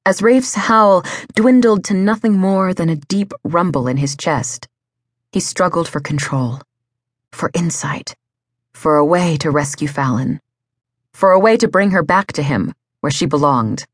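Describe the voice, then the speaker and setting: A woman narrating a novel for an audiobook in a dramatic, measured reading. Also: low voice, no room sound, studio quality.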